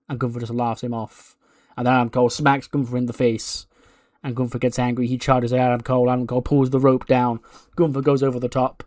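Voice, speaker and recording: A man's voice: medium pitch, little pitch movement, quick pace, a little mellow, dry recording, clean studio sound. A man narrating a wrestling management game in loose, chatty fashion, laughing at himself. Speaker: gaming video creator. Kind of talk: casual let's-play narration.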